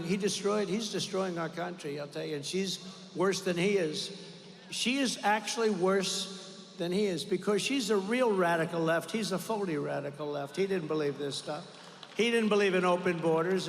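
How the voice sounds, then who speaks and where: An older man delivers a rambling, boastful rally speech, circling back to the same phrases again and again. His voice sits fairly high, and his words ring out with a long reverb from a huge arena. A faint hum of ambience runs under everything. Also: creaky. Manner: repetitive, boastful, rambling asides. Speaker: political rally speaker. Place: large arena.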